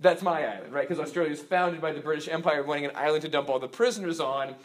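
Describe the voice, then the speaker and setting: A man's voice: on the high side, fast. A man teaching a parish class in a casual, rambling way, full of fillers and restarts.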